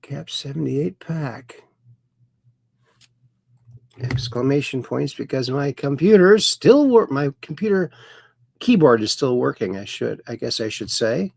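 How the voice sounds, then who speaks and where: A man hosting a casual livestream, slowly reading chat messages aloud with sudden bright upswings. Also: medium pitch, sing-song, vocal fry, slightly rough. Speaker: host.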